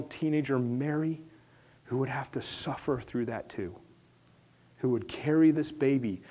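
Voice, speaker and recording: A middle-aged man preaches a sermon in an earnest, conversational way. His pitch sits in a typical male range. At the high points he climbs into a louder, raised voice for emphasis. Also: breathy edge. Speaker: pastor.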